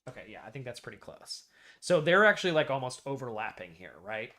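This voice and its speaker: A man's voice: medium pitch, big pitch swings, quick pace, sharp tone. American man arguing vowel sounds. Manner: argumentative, explaining with repeated vowel demos. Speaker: streamer. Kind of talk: casual stream chat.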